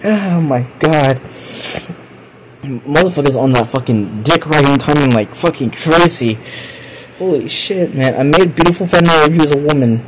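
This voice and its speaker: A young man with a high voice rants through chat confessions, swearing constantly and breaking into laughter. He sounds exasperated, and his mic picks up clear background noise. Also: lively intonation, normal speed, rough recording. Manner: profane, exasperated, bursts of laughter. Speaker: streamer reading chat confessions. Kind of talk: casual live stream commentary.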